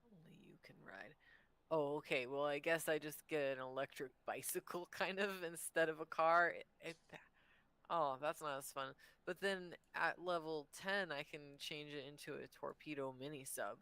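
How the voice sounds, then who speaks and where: A man's voice: fairly high pitch, normal speed, bright, forceful tone, smooth, no echo. A man playing a tabletop game who thinks aloud and mutters asides under his breath. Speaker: player. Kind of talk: casual tabletop game talk.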